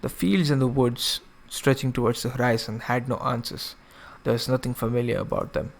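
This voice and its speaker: A man's voice: medium pitch, fairly even intonation, moderate pace, gravelly. A man streaming, reading a visual novel aloud and breaking off for casual asides. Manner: casual asides, self-correcting.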